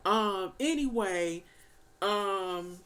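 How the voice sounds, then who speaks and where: Woman reviewer, casual and animated, loose slangy storytelling. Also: medium pitch, very slow, clean tone. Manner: animated, slangy, swears and laughs. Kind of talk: casual film review chat.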